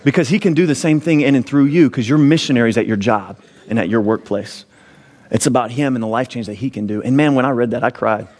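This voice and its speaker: Casting: man, 30s, mid-pitched preacher sharing a heartfelt personal testimony, rising emphatic delivery. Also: fast talker, a little mellow. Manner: earnest storytelling, pitch rising sharply when emphatic. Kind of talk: sermon testimony.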